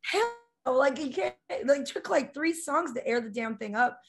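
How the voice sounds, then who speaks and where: A woman from South Dakota, a rock singer, telling stories as a guest in a casual, animated way, with lots of "like" fillers. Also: high voice, normal speed. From South Dakota, USA. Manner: animated, chatty, many "like" fillers. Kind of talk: casual storytelling in conversation.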